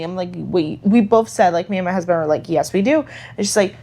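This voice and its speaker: Here a female podcast co-host talks casually about motherhood, sounding thoughtful and sincere while leaning on lots of fillers. She speaks at a normal speed in a lowish, husky, dark voice with lively intonation.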